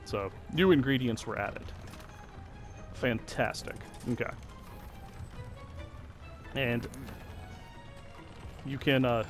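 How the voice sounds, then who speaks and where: A man casually commenting on his video game session, chatty and self-deprecating. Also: mid-range voice. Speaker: let's play host.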